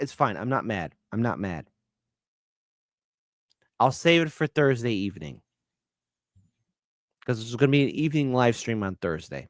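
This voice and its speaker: A man's voice: mid-range voice, very animated, normal speed, pauses often, fairly bright tone, no room sound. A man hosting a political livestream, talking bluntly and profanely, swinging between ranting and joking. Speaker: livestream host. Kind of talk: casual political livestream talk.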